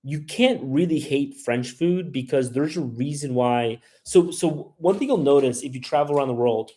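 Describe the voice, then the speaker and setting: A man's voice: mid-range voice, moderate pace, mellow. A man hosting a travel livestream, answering viewer questions in a loose, rambling way, full of "like" and "you know what I mean". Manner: rambling, frequent "like" and "you know what I mean", puts on voices when quoting people. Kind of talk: casual livestream chat reading viewer questions.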